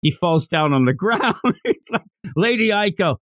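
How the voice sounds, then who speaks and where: Man co-hosting a casual review chat; sarcastic, mimics characters, lively and a bit high. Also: moderate pace, dry recording. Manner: sarcastic, acts out characters' lines in exaggerated voices. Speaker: podcast host reviewing an anime.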